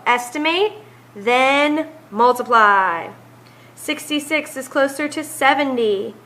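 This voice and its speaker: A woman's voice: sits high, sharp tone, poor audio. A woman teacher walking through math homework problems, counting aloud step by step.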